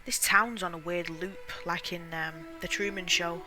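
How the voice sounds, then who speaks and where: A woman's voice: fairly low pitch, steady tone, unhurried, bright, forceful tone, rough recording. Chatty woman commenting on gameplay. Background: game music.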